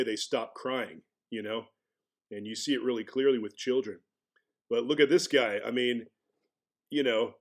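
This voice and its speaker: A man giving casual commentary on a video clip, talking in a conversational way and sometimes mocking the people he shows. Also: mid-range voice. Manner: conversational, mocking impressions of others.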